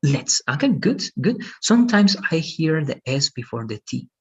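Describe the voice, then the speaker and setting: A man's voice: fairly high pitch, big pitch swings, moderate pace, slightly rough, lo-fi sound. A man teaching English in an online lesson, patient and repeating "okay" and "right" often, heard over a video call.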